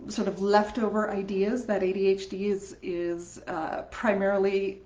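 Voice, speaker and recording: A woman with a Canadian accent, a voice teacher chatting on a live stream, upbeat and quick to laugh. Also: mid-range voice, flat delivery, darkish tone. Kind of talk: casual live-stream chat. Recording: echoey room, slightly dull sound.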